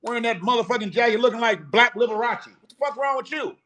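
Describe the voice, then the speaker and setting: A man's voice: very high voice, fast, pushed and bright. Blunt, profane man ranting on a live stream. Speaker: host of a live show.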